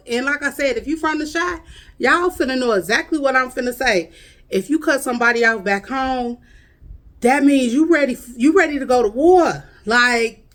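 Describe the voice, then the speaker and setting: A woman's voice: high-pitched, a bit bright. A woman with a Chicago accent chatting casually with her viewers, drawling her words in a friendly, talkative way. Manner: drawling, chatty, addresses viewers as y'all and honey. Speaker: vlogger.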